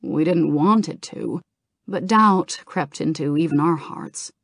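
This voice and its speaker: A woman reading the lines of a gentle, compassionate male dragon in human form in an audiobook. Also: deep voice, unhurried, creaky, no room sound, studio quality, exaggerated voice.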